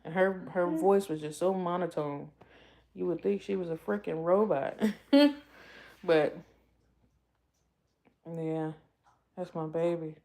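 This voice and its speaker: Slow, tearful woman vlogger. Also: on the low side, steady tone, mellow. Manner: halting, repeats herself, tearful. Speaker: vlogger host. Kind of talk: emotional casual vlog talk.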